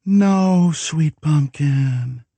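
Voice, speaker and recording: A man voicing a calm, faceless shadow man with a soft, accented voice that soothes quietly. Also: on the low side, slow, husky, no echo, pitched above the performer's own voice, heavily acted. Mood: soothing.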